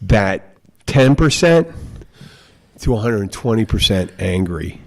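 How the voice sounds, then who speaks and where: A man's voice: lowish voice, very animated, takes it slowly, darkish tone. A man hosting a podcast, casually telling a rambling, profane story about working in a bar. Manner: profane, rambling anecdotes with acted quotes. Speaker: podcast host, bartender.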